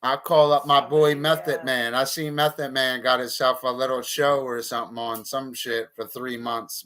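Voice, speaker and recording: A man's voice: medium pitch, steady tone, moderate pace, hardly any pauses, fairly bright tone. A man streaming a casual monologue, talking bluntly and profanely with heated outbursts.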